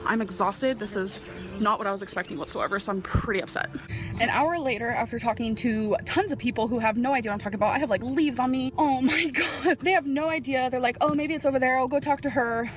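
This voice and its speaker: A woman's voice: on the high side, fast, soft background music. A woman vlogging her day, talking anxiously about her nerves and worries. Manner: nervous, anxious, self-pitying. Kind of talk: vlog diary.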